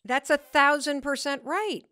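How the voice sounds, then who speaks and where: Woman host, casual interview, animated, dry close sound. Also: high-pitched, no echo. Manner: animated, reacts with quick questions. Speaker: podcast host.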